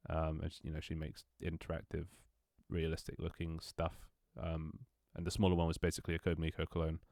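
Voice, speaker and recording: Young man, very low voice, dry close sound, casual streamer chat, swears, restarts sentences. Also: monotone, brisk, gravelly, darkish tone, no room sound. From London, England.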